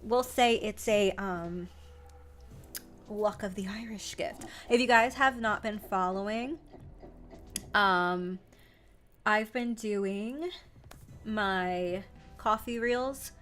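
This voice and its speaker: A woman's voice: medium pitch, slow, long pauses, fairly bright tone. A young adult woman hosting a live stream, chatting casually in a rambling way with lots of fillers and restarts. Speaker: livestream host. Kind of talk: casual livestream chat.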